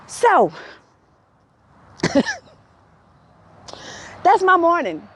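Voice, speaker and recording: A young adult woman hosting a podcast, telling a story casually in an animated, exasperated way and laughing often. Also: very high-pitched, takes it slowly, pauses often, a little hiss or hum. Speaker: podcast host.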